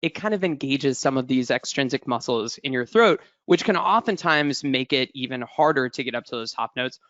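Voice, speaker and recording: A man's voice: mid-range voice, lively intonation, moderate pace, fairly bright tone, dry recording, highs cut off. A man coaching a singer in a webinar, encouraging and demonstrating notes as he talks. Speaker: vocal coach.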